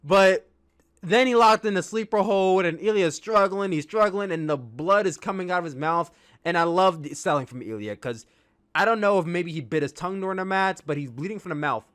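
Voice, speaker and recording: A man's voice: high-pitched, a little fast, a bit bright, smooth, no echo. A man hosting a podcast, giving an enthusiastic, rambling wrestling review with restarts. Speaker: podcast host.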